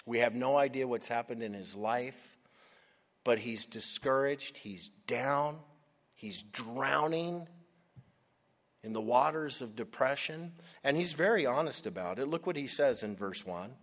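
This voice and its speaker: Male pastor, unhurried dramatic sermon delivery, long church reverb. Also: mid-range voice. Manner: dramatic, swings from hushed to loud. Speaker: preacher.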